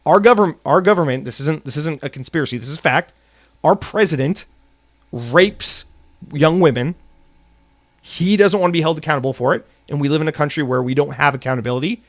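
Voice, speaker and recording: A man's voice: fairly high pitch, no echo. A man hosting a solo podcast, from the United States, ranting angrily with heavy profanity. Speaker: podcast host.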